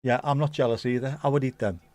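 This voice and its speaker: A British man commenting on a match as it unfolds, joking one moment and loudly excited the next. His voice sits at an ordinary middle pitch and is recorded close and dry, with no room sound. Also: fast talker, no room sound. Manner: joking, bursts into excitement at goals. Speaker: watchalong host. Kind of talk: casual live match commentary.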